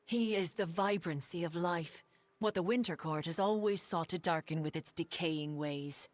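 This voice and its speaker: An actress voicing a solemn, immortal fae woman from a video game, speaking in a formal, measured way. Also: fairly low pitch, lightly acted. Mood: reverent. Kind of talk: game voice acting.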